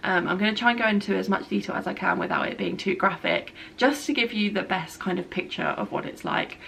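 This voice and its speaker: A woman's voice: medium pitch, brisk, creaky, fairly bright tone, slight background noise. A young woman vlogging casually from home. She rambles a little and uses lots of filler words as she talks. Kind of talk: casual spoken update. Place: at home, by a bed.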